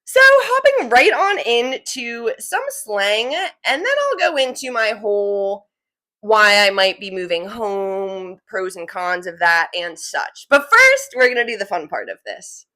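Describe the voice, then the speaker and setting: Lively bright-voiced Jersey woman. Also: mid-range voice, a little slow. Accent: New Jersey. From New Jersey. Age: 20s. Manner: chatty, rambling, lots of "like". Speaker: podcast host. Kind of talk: casual chat.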